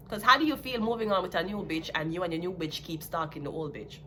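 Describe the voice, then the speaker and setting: A Jamaican woman in a casual tarot reading, talking in a blunt, sassy way with an average-pitched voice. A faint hum of ambience sits behind her. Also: quick pace, hardly any pauses, bright, forceful tone. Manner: blunt, sassy, laughs at her own jabs. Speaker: tarot reader.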